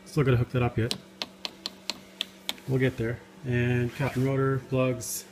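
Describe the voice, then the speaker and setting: Man, mid-pitch, casual hobbyist narrating repairs, light self-mockery; slight background noise. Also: completely flat delivery, measured pace. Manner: jokey, self-deprecating, talks while working. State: out of breath. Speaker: car hobbyist vlogger. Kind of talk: casual garage vlog. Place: home garage and driveway.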